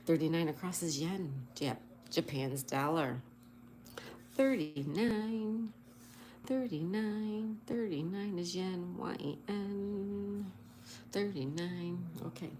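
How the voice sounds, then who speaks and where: A woman's voice: on the low side, takes it slowly, a little mellow, slight background noise. A woman hosting a casual livestream, cheerfully spelling out words letter by letter and reading viewer comments aloud. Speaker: livestream host.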